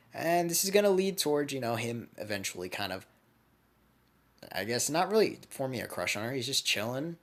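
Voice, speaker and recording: A man casually spinning a fan speculation story, rambling and animated. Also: medium pitch.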